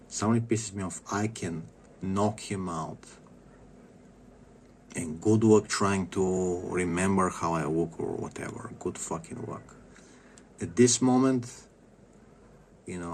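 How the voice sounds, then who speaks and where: A man's voice: deep voice, slight background noise. A young man talking in a casual, rambling monologue, swearing often and stumbling over restarts as he rants. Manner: profane, rambling, halting with restarts. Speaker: vlogger.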